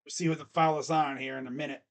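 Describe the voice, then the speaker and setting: A man with a high voice calls a basketball game live for a stream. He is excitable and chatty, drifts into slangy asides, then snaps back to the calls. His delivery stays loose and unscripted. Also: quick pace. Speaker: live stream play-by-play commentator. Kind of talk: casual live play-by-play reaction.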